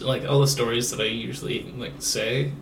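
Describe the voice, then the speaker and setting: A man co-hosting a podcast, telling profane, animated childhood stories in casual chat. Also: medium pitch, moderate pace, vocal fry. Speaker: podcast co-host. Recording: echoey room, mic far off, faint noise.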